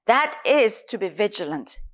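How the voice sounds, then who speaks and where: A woman's voice: medium pitch, sing-song, measured pace. A woman preaching a sermon in an earnest, emphatic way.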